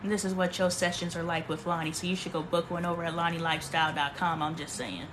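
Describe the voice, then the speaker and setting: A woman's voice: lowish voice, little pitch movement, fast, noisy background. A woman hosting a casual livestream from her bedroom, talking emphatically and preaching, often repeating herself. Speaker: livestream host.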